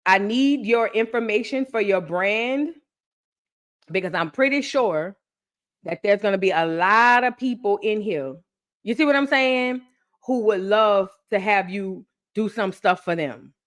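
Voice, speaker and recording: A young woman chatting excitedly with her viewers on a live stream, repeating phrases for emphasis. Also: mid-range voice, a little slow. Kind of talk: casual live-stream chat.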